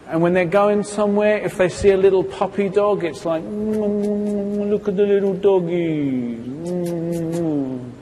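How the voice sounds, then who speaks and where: A man with a high voice gives a live seminar talk from a stage, taking his time over each point. He asks the audience questions and slips into quoted voices as he goes. The sound carries a long hall reverb with a faint hiss underneath. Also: a little mellow. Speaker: seminar presenter.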